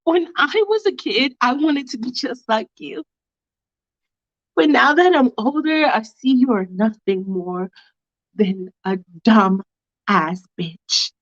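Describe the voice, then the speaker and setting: A woman's voice: fairly high pitch, lively intonation, takes it slowly, lo-fi sound, voice pushed down. A woman voicing an angry, cold-hearted teenage girl who cusses and cuts her friend down. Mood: furious. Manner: cutting, cussing, furious.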